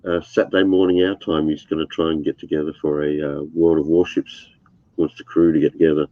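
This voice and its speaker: A man with a stuffy nose, hosting a relaxed voice chat with easygoing, hesitant talk. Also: extremely low pitch, a little fast, no echo. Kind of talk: casual chat. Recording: slightly dull mic with faint noise.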